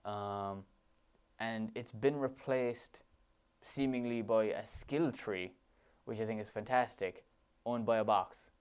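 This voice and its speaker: A man's voice: fairly low pitch, slow, darkish tone, clear, resonant tone. A man with an Irish accent giving enthusiastic commentary over gameplay footage, gushing about what he sees. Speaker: let's play commentator.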